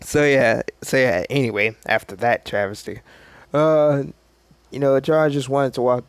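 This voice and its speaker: A man's voice: mid-range voice, moderate pace, clean tone, dry recording. A man casually narrating an improvised fan story, rambling and self-deprecating.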